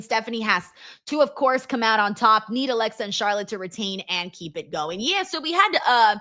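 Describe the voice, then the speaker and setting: A woman's voice: fairly high pitch, bright, forceful tone. A woman hosting a casual live stream, reading viewer comments aloud and reacting with emotional, swearing chatter. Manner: emotional, swears, reads chat messages aloud.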